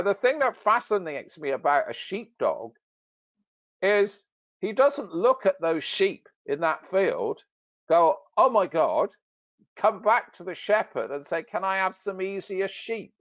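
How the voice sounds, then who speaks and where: A British man tells a story with jokey, self-mocking humor in casual podcast talk, his pitch rising and falling freely. His voice sits a bit high for a man. The recording is dry and somewhat dull, like lo-fi audio. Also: no echo. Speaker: sales expert and author.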